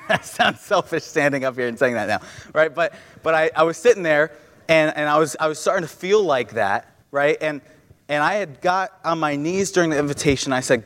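A man's voice: on the high side, expressive, a little fast, fairly bright tone. Young male preacher, earnest, stumbling restarts, church hall with long reverb. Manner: earnest, repeats words and restarts often. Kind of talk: sermon with personal story.

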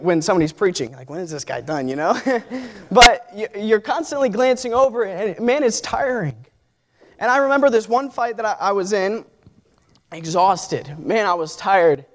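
High-voiced man preaching a story sermon. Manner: personal storytelling with fillers and restarts; builds to loud, impassioned exhortation.

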